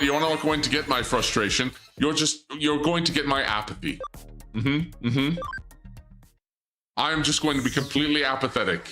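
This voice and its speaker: A man's voice: mid-range voice, bright, forceful tone. Rambling, stammering young male streamer. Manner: rambling, self-interrupting and stammering, with goofy asides. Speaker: VTuber streamer. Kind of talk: live game stream commentary.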